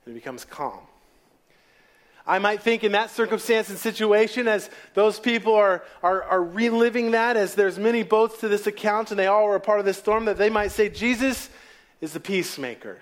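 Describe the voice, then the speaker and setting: A man preaching a sermon, telling stories and dropping to quiet asides. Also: high voice, normal speed.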